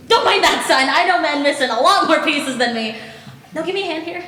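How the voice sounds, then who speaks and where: Brief: sly, blustering peg-leg pirate cook, played by a woman on a school stage, noisy room. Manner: gruff seafaring bluster, sweeping pitch. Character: one-legged male pirate cook, sly and jovial. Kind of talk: high school stage acting. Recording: echoey auditorium stage sound, noisy.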